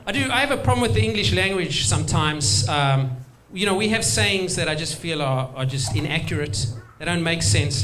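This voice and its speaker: A man's voice: high voice, a bit bright, a little hiss or hum. A man performing a stand-up comedy set on stage, chatting with the crowd and slipping into put-on accents.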